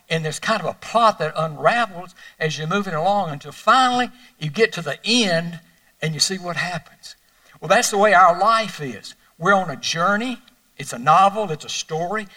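Older male pastor, folksy sermon storytelling, bright tone, heard from a distance. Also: sits high. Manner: folksy storytelling, swings from loud to hushed. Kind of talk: sermon with personal stories.

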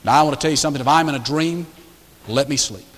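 A man's voice: a little high, fast. A male pastor preaching a sermon in a church auditorium, with rhetorical questions and emphatic repetition. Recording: echoey large hall.

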